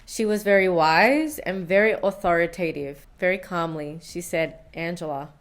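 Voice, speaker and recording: A woman in her thirties telling a candid, confessional story in a vlog, often laughing at herself. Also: on the low side. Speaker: science vlogger.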